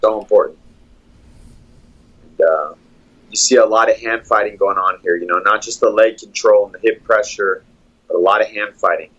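Man as a steady fight coach, dull audio. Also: on the low side, normal speed, pauses often. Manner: steady, analytical play-by-play. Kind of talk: breaking down fight footage.

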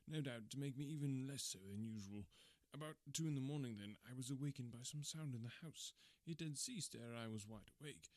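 A man reading a classic detective story aloud in a measured, formal storytelling manner. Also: medium pitch, darkish tone, no room sound. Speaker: audiobook narrator.

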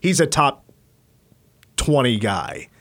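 Male radio host, punchy stat talk, mid-pitched. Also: huge pitch swings, slow pace, a bit bright. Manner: hyped, emphatic stat-driven player breakdown.

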